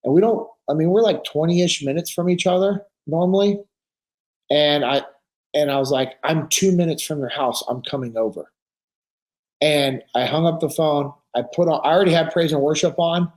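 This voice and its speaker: On a casual podcast, a man with a slightly high voice speaks at an ordinary pace. He tells stories with earnest conviction, animatedly acting out the voices of the people in them.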